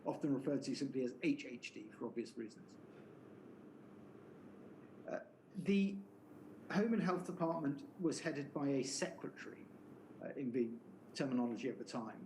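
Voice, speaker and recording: A man questioning a witness at a formal inquiry, setting out each point step by step with plenty of fillers. His voice sits at a middle pitch for a man. A faint hiss of noise sits in the background. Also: expressive, moderate pace, pauses often, a little mellow, low-quality recording. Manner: methodical, explanatory, many fillers. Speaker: inquiry counsel.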